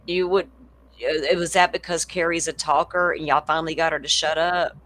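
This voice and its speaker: A woman hosting a casual true crime livestream, blunt and swearing freely as she thinks out loud. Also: low voice, fairly even intonation, normal speed, low-quality recording.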